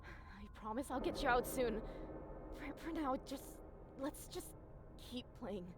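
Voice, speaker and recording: A woman's voice: fairly high pitch, a little slow, pitched above the performer's own voice, lightly acted. A woman voicing a manipulative young woman who fakes worry and reassurance to keep control of her partner, heard from a game over background music. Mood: pleading. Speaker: voice actor.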